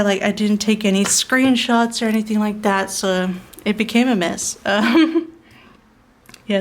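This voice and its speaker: A young woman from South Australia talks in a casual, rambling vlog style, her Australian accent plain throughout. She piles up fillers and restarts and breaks into small laughs as she goes. Her pitch sits in an ordinary middle range. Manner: rambling, chatty, laughs often, many fillers. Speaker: planner vlogger. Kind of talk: casual chat over planning.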